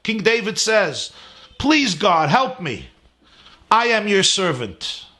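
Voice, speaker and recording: A man's voice: high-pitched, sing-song, slow pace, sharp tone. A man, a rabbi, giving an earnest, emphatic sermon-style class from his home, building his points in rising lists.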